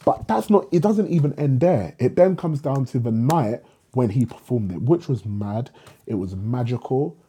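On a podcast, an English man who is a writer and guest tells a casual story with real animation, acting out dialogue and swearing without hesitation. His voice sits in the mid-range with a breathy edge, and he speaks at a normal speed.

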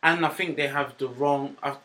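A man's voice: medium pitch, steady tone, normal speed, a bit bright, rough recording. A man, a podcast guest who talks frankly and casually, with lots of fillers and slang. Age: 20s. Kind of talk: casual interview chat.

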